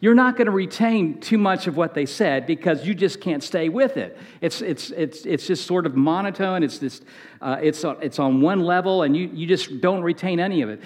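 Chatty male guest preacher, slightly high voice. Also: moderate pace. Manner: conversational, repeats words often, polls the audience. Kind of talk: sermon.

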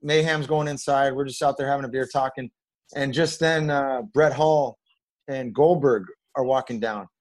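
Middle-aged ex-player, relaxed rambling storyteller, mid-range voice. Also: male voice, medium pitch, moderate pace, poor audio. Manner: rambling, animated when quoting others. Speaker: former hockey player guest. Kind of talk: casual storytelling.

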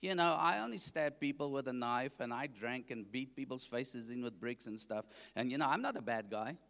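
A man's voice: mid-range voice, normal speed, a bit bright, big-room sound. A man with a South African accent, an evangelist preaching his testimony to a congregation, joking and asking the listeners questions.

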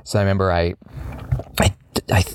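A man's voice: deep voice, little pitch movement, moderate pace, smooth, no room sound, clean studio sound. A middle-aged man telling a story in a casual chat, rambling and self-mocking with lots of fillers.

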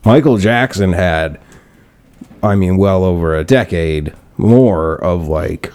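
A man's voice: deep voice, lively intonation, slow pace, a little mellow. A young man hosting a casual podcast chat, telling stories with lots of swearing, laughter and acted-out quotes. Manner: swears a lot, laughs often, acts out quotes in storytelling. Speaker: podcast host.

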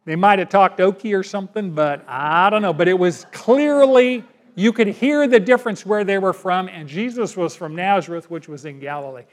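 A male pastor delivering a sermon. He talks in a folksy, conversational way, and his voice sits fairly high. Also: moderate pace. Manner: folksy, conversational preaching with acted asides.

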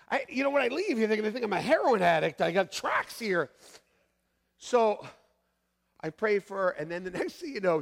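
Animated high-voiced male pastor, gravelly. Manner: animated, acts out voices with shouts and laughs. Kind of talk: storytelling sermon. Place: church sanctuary. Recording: long hall reverb.

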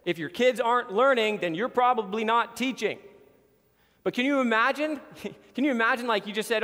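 A man's voice: very high-pitched, normal speed, pushed and bright, long reverb tail. A man preaching a sermon as pastor, emphatic and repeating words for stress.

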